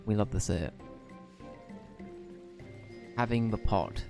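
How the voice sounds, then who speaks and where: A man's voice: on the low side, slow pace, creaky, music in the background. A man streaming a game, giving casual, joking commentary and laughing at himself. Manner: joking, laughs at his own lines. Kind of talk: casual let's-play commentary.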